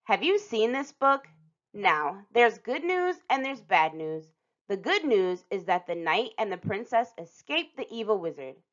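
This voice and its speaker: A woman reading a picture book aloud to children as a storytime host, expressive and lingering on some phrases with dramatic pauses. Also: medium pitch. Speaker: storytime reader. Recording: dull lo-fi recording.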